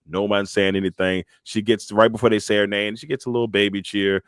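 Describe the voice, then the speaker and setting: A man's voice: fairly low pitch, a little fast, clear, resonant tone, no echo, clean studio sound. A man co-hosting a podcast, chatting casually and animatedly, acting out quotes as he retells events. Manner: animated storyteller, acts out quotes and entrance music. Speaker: podcast co-host. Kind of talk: casual wrestling chat.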